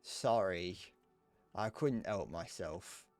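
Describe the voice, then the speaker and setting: A man's voice: low-pitched, animated, takes it slowly, a little mellow, soft background music. A man in his twenties chatting casually to viewers while playing a game live, joking and swearing as he goes. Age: 20s. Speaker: streamer.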